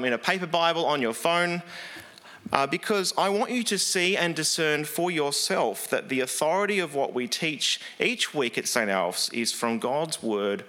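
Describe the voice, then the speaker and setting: A male preacher with a somewhat high, bright and forceful voice. He delivers his sermon earnestly and conversationally, sprinkling in ums and uhs as he explains.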